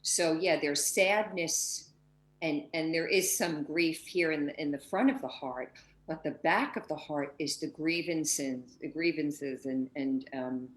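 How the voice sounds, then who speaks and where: A woman's voice: low voice, a little slow, roomy sound, rough recording. A woman hosting a heartfelt spiritual conversation over a video call, speaking emotionally and acting out inner voices. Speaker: host.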